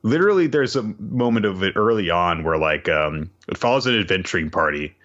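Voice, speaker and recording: Laughing, lively man on a dull recording. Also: low-pitched, brisk. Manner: laughs often, wry, drifts into quoted voices. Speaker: co-host. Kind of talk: casual chat.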